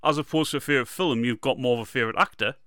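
A man's voice: medium pitch, racing, bright, forceful tone, no room sound, clean studio sound. A man, co-hosting a casual podcast chat and breaking into silly impressions now and then. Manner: chatty, jokey, slips into silly impressions. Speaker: podcast co-host.

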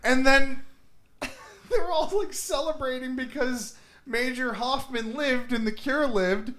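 Speaking slowly in a very high voice, a man on a podcast recaps a movie plot casually. The host stays animated throughout, swearing heavily and laughing while he retells the story.

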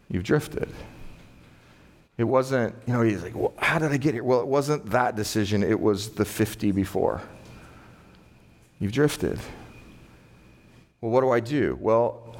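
Middle-aged male pastor, conversational sermon delivery, slightly low voice. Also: darkish tone. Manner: conversational, acts out quoted exchanges with laughs.

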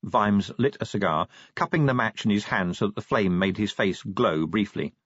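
Husky male audiobook narrator. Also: lowish voice, moderate pace, fairly bright tone, no echo. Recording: dull dry audiobook recording.

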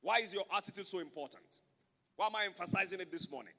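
High-voiced bright male preacher. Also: quick pace, big-room sound. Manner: emphatic, repetitive preaching with congregation call-and-response. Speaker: pastor. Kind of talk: sermon. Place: church sanctuary.

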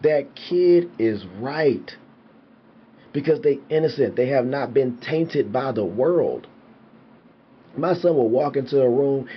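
A man's voice: medium pitch, slight background noise. A young man, a father, talking casually and animatedly to camera, swearing freely and preaching about respect. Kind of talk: casual monologue. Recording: dull lo-fi sound with faint ambience.

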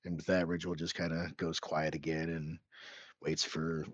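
A man's voice: a bass voice, monotone, normal speed, no echo, muffled recording. A man playing a tabletop game, describing his character's actions in a hesitant, casual way. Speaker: player. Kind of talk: casual tabletop role-play.

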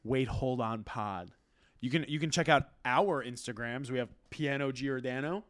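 A man co-hosting a podcast in casual chat, teasing his partner in quick bursts and swearing casually. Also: mid-range voice, dry recording. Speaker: podcast co-host.

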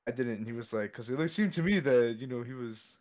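A man's voice: mid-range voice, lively intonation, brisk, a little mellow. Rambling young man telling a story. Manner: rambling, repeats "I was like". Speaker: podcast co-host. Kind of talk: casual storytelling chat. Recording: dull lo-fi sound.

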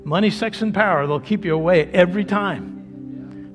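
A man preaching to a church congregation in a fervent sermon, his voice pitched a little high. He stretches key phrases out slowly, then builds to ringing calls. Soft music plays faintly behind him. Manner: fervent preaching, slowing to drawn-out phrases and rising to loud calls. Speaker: pastor. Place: church sanctuary before a congregation.

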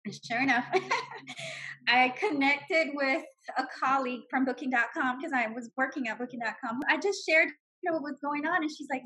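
Woman, forties, husky voice, fairly high pitch, heartfelt personal testimony, animated storyteller. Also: brisk, poor audio. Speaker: guest sharing her story.

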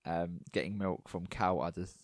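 A man, co-hosting a podcast in a relaxed, rambling chat full of fillers. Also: low-pitched, normal speed, background noise. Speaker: podcast co-host. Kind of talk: casual chat.

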